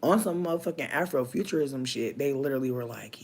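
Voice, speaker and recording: A man giving casual comedic commentary in a campy, animated way, laughing often and using heavy slang. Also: medium pitch, fast.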